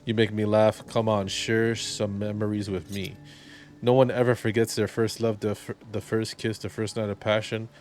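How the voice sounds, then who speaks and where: A man's voice: fairly low pitch, flat delivery, normal speed, a little mellow, lightly acted. A man reading out the lines of a flirtatious, tipsy woman teasing a priest in a game. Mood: flirty teasing. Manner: reads game subtitles aloud, teasing.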